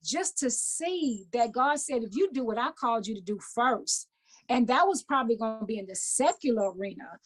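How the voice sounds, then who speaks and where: A woman in her fifties with a Southern Louisiana accent chats as an interview guest. Her voice sits a bit high for a woman. She talks in an animated way, repeating words as she restarts her sentences. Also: normal speed. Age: 50s. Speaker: guest, author and minister. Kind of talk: casual interview chat.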